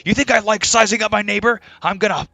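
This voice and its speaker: A man putting on a shouting, over-the-top ranting male radio host. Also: sits high, steady tone, fast, gravelly, dry recording, voice pushed up, full character voice.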